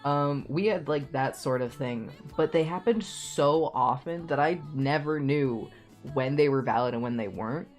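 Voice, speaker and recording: Young guy streamer, swears a ton, animated storytelling, faint music in the back. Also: mid-range voice, normal speed. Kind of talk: casual rant while streaming a game.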